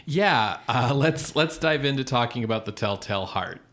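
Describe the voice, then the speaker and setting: A man's voice: mid-range voice, expressive, normal speed, a bit bright. A man co-hosting a podcast in casual chat, explaining things in a rambling, hesitant way. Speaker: podcast co-host.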